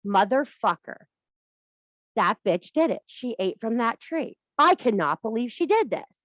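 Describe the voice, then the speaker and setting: A woman's voice: on the high side, big pitch swings, measured pace, a bit bright, no echo. A woman voicing an exasperated male God who swears with indignant outbursts.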